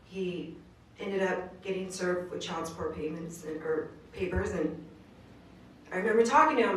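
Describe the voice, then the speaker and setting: A woman's voice: fairly low pitch, normal speed. A woman giving an earnest inspirational speech at a live venue, telling her story in casual slang. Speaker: motivational speaker. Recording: roomy distant live recording.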